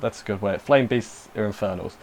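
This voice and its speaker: A man's voice: fairly low pitch, a little fast, a little mellow. A young man casually recapping and reviewing an anime episode, rambling with self-deprecating asides and lots of fillers.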